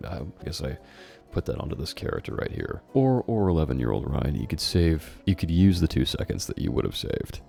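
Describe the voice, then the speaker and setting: A man's voice: very deep voice, creaky, darkish tone. A man reading his childhood horror story aloud and mocking it with sarcastic, amused asides. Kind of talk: dramatic reading with comic commentary. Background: faint background music.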